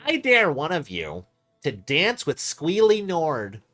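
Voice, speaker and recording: A man voicing a boastful male goblin villager, drawling out a dare slowly and loudly. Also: a little high, wildly swooping pitch, faint music behind, pitched above the performer's own voice, exaggerated voice.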